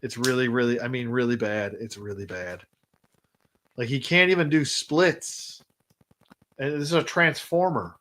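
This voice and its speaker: A man's voice: medium pitch, measured pace, a bit bright, poor audio. A man hosting a casual livestream toy review, blunt and rambling, often restarting his sentences. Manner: rambling, blunt, repeats and restarts while complaining. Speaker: action figure collector and channel host.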